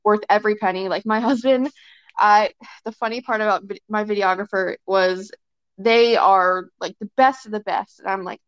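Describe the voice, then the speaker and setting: A woman's voice: mid-range voice, fairly even intonation, normal speed, clear, resonant tone, no echo. Chatty young woman, dry dull recording. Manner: chatty, filler-heavy, often acts out quotes. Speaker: podcast guest. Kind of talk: casual chat. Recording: dry, slightly dull sound.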